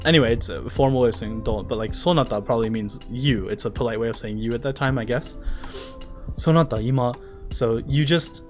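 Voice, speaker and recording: A man's voice: medium pitch, fairly quick, soft background music. A man casually reading and translating a manga live, chatting, joking and swearing along the way.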